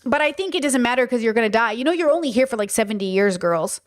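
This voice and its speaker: A woman's voice: a little high, expressive, fast talker. A woman hosting a podcast, talking casually and frankly as she answers chat questions, checking in with listeners as she goes. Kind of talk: casual livestream talk.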